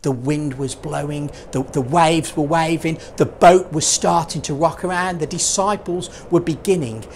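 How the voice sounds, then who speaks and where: A man's voice: on the high side, fairly even intonation, unhurried, hardly any pauses, a little hiss or hum. A man and children's puppeteer telling a Bible story in a playful, dramatic way. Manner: playful, dramatic, with lots of vocal swings.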